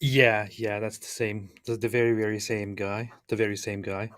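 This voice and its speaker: A man co-hosting a talk stream, explaining at length with many fillers and pauses. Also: lowish voice, level tone, a bit bright, no echo, clean studio sound. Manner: halting, many fillers, laughs often. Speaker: co-host. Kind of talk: casual talk commentary.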